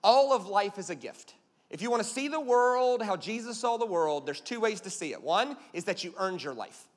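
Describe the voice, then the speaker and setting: A man's voice: high voice, animated, a little fast, long reverb tail. A man preaching a sermon as a pastor, emphatic and punchy, telling stories with jokes.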